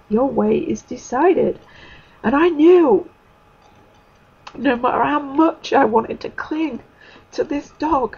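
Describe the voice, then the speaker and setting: A woman giving an emotional spiritual testimony, halting, with many pauses and fillers. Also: on the high side, gravelly, a little mellow, husky, dull audio. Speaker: spiritual speaker.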